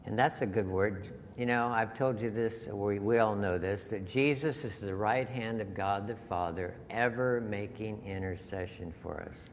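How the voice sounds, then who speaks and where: A man's voice: fairly low pitch, normal speed. A man preaching a sermon as pastor, earnest and conversational, repeating key phrases for emphasis. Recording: long hall reverb with faint noise.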